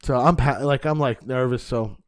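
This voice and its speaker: Male stand-up comic, podcast guest, animated storyteller, average pitch, loose and profane. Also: moderate pace, clear, resonant tone. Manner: animated, acts out dialogue, casual swearing.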